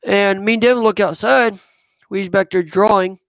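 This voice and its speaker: A man, telling a personal story in a rambling, halting way. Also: high voice, fairly even intonation, creaky, fairly bright tone, no echo. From southwest Missouri. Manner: rambling, halting, with many fillers. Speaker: vlogger.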